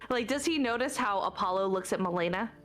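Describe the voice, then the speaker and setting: A woman's voice: medium pitch, lively intonation, fast, a bit bright, soft background music. A woman narrating a tabletop game as game master, in a chatty style full of fillers.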